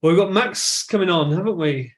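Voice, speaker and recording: A man's voice: high-pitched, lively intonation, a little fast. A man co-hosting a podcast, earnest and a bit self-deprecating. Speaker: podcast co-host. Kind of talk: casual chat.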